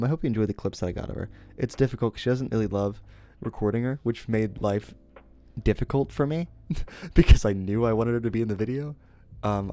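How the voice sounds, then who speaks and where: A man's voice: lowish voice, mellow. A young man streamer casually telling a story to his chat, rambling and interrupting himself, laughing at his own remarks. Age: young adult.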